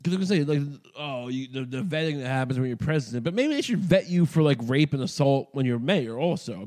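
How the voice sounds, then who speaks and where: New york guy ranting on his podcast, swears a lot, kinda high voice but mellow and dark. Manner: profane, rambling, sardonic, with frequent restarts. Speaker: podcast host. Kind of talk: casual ranting monologue.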